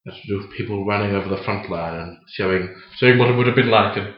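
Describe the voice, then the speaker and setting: A man's voice: on the low side, fast talker. A young man chatting on a podcast, animatedly acting out his stories with laughing asides. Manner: animated storyteller, acts out scenes with laughing asides. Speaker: podcast co-host. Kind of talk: casual chat. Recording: roomy, dull lo-fi home recording.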